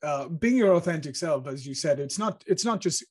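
A man with a fairly high voice hosts an interview over a video call. He is easygoing and jokey and fills his talk with ums and uhs. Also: expressive, moderate pace, a little mellow, husky. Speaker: interview host. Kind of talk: casual interview chat.

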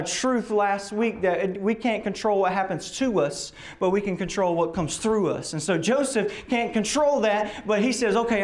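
A man pastor preaching a sermon in a casual, conversational way, acting out the characters' lines as he tells the story. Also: high voice. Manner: animated storytelling, acts out quotes.

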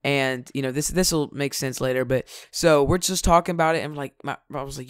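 A man's voice: medium pitch, fast talker, few pauses, no room sound, studio quality. A young man casually telling a rambling story as a vlogger, often laughing at his own jokes.

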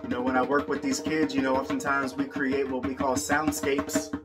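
A man's voice: medium pitch, little pitch movement, normal speed. A man teaching about the drum in a rhythmic spoken-word style, repeating lines like a chant. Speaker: poet and drummer. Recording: drum music playing throughout.

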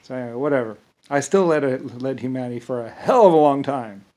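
A man rambling in a casual monologue, frustrated and full of restarts, dropping to mutters and rising to loud, swearing outbursts. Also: medium pitch, animated, fast. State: frustrated, exasperated.

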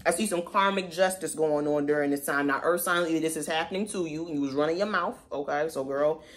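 A woman giving a casual tarot reading in a sassy, slangy manner with animated asides. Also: low-pitched, fast. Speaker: tarot reader.

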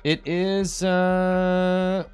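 A man as game master running a tabletop game, relaxed and checking rules aloud. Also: high-pitched, extremely slow, clean tone, soft background music.

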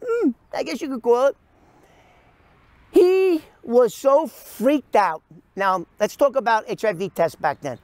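A man's voice: extremely high pitch, big pitch swings, measured pace, darkish tone, no echo. A middle-aged man telling a story in a casual way to camera, acting out the quoted voices with animation.

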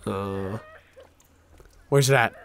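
A man's voice: lowish voice, drawn-out words, creaky. A man streaming a horror game, reacting with jumpy outbursts and constant swearing. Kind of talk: horror game let's play commentary.

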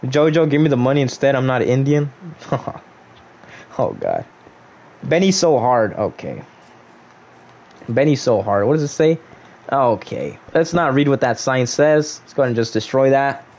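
A man's voice: mid-range voice, big pitch swings, measured pace, pauses often, a little mellow. A young man casually chatting on a gaming livestream, reading viewers' chat aloud and joking back at them.

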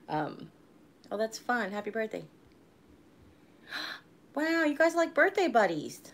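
A woman's voice: medium pitch, slight background noise. A woman in her forties chatting casually on a live stream, rambling and laughing easily. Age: 40s. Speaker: vlogger hosting a live stream.

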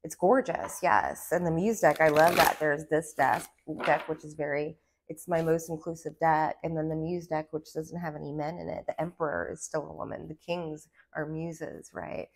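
A woman's voice: low voice, moderate pace, few pauses, a little hiss or hum. A woman giving a casual pick-a-card tarot reading, rambling along with lots of "like" and a valley-girl lilt. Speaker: tarot reader.

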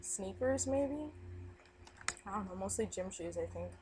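A woman's voice: on the low side, little pitch movement, fast talker, background noise. A young woman, casually reading a dialect word list and rambling through her answers. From United States. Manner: rambling, self-questioning asides.

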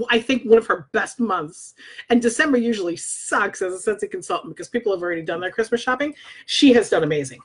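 A married adult woman works as a scent consultant and reviews products in a casual vlog, reading scent descriptions and swearing offhandedly in a blunt, chatty way. Her mid-range voice is a bit bright and slightly rough, captured on her own microphone.

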